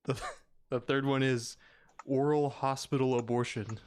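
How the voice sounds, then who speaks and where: A man's voice: mid-range voice, fairly even intonation, measured pace, darkish tone, clear, resonant tone. A man co-hosting a casual podcast, laughing often as he chats. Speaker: podcast co-host. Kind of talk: casual chat.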